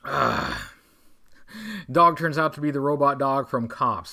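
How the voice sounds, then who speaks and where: A man's voice: mid-range voice, wildly swooping pitch, slow pace, pauses often, sharp tone. A man hosting a livestream, reading an adventure gamebook aloud and breaking off for wry, rambling jokes. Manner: wry, rambling, self-interrupting. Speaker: livestream host.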